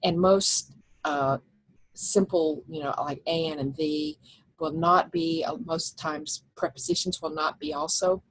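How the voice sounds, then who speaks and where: Low husky woman lecturing over slides, explains step by step, lots of ums. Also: fairly even intonation, unhurried, poor audio. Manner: explanatory, with frequent fillers and restarts. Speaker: teacher.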